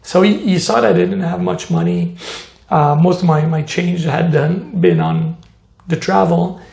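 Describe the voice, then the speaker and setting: Man, tattoo artist, interview storytelling, high voice, heavy vocal fry, echoey room. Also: unhurried. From Montreal, Canada. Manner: animated, acts out quoted voices, many "you know" fillers.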